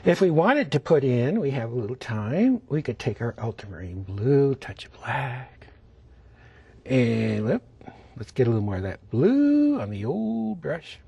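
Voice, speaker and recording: Male painting instructor, TV lesson; unhurried, hushed and coaxing, lively pitch that drops into whispers. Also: creaky, husky. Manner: gentle, often dropping to a whisper while demonstrating strokes; coaxing, keeps asking the viewer to look.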